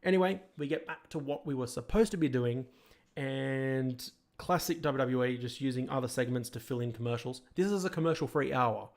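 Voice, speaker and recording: A man's voice: mid-range voice, moderate pace. Male podcast host, mid-range voice, opinionated and critical, casual rambling review commentary.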